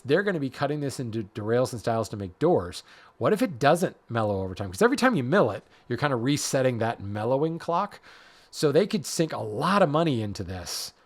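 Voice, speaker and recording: A man hosting a woodworking podcast, explaining wood grading and color in a casual, self-deprecating way that often restarts mid-sentence. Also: medium pitch. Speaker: podcast host, hardwood lumber expert.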